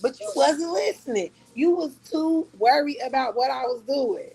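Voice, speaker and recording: A high-voiced woman holds forth on her livestream in a loose, casual rant. She mocks her target with profane trash talk and breaks into laughter often. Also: expressive, moderate pace, mellow, low-quality recording. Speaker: livestream host. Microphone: talking to a phone on a live stream.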